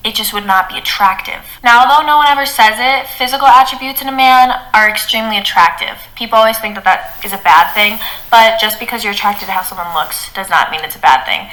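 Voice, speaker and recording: A woman's voice: a little high, quick pace, few pauses, sharp tone, poor audio. A woman talking through a numbered list in an opinionated, matter-of-fact voice-over.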